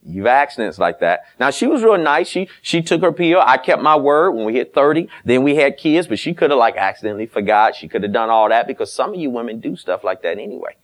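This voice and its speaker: Talking fast with hardly any pauses, a middle-aged pastor in an animated, mid-range voice preaches on marriage. He's blunt and folksy, tossing out teasing asides and performing remembered conversations as quoted dialogue.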